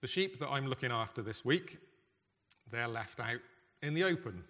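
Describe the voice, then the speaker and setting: A man preaching a sermon in a conversational, emphatic way, with pauses. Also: medium pitch, animated, sharp tone. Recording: echoey hall reverb.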